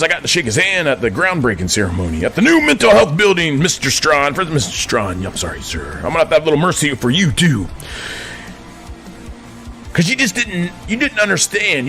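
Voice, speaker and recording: Male veteran vlogger, bright and gravelly, preachy and indignant, with faint music underneath. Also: a little high. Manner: addresses listeners as friends constantly, indignant, swings between soft and shouting. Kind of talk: preachy monologue to viewers.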